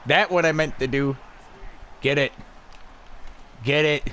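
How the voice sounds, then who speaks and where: A man's voice: fairly high pitch, fairly even intonation, unhurried, sharp tone, a little hiss or hum. A young man giving live commentary on his own hockey video game, swearing and raging at his teammates. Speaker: gaming YouTuber.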